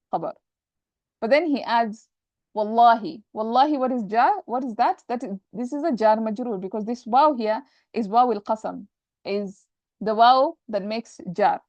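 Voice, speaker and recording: A woman's voice: fairly high pitch, darkish tone, no echo. Woman teaching Arabic grammar, muffled sound. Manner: explains step by step, mixing English with Arabic terms, self-correcting. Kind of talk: classroom lesson explaining Arabic grammar.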